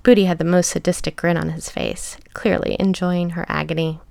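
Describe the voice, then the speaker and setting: A woman narrating a story in a soft, measured reading that often drops to a whisper. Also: on the low side, level tone, vocal fry, no room sound.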